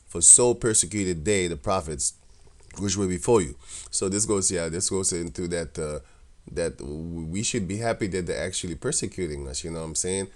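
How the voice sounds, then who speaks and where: A man with a deep, low voice talks through scripture in a casual, rambling way. He laughs often and his tone is mocking and scornful, with frequent restarts. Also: moderate pace, a little mellow. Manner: loose and rambling, with many restarts. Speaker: religious commentator.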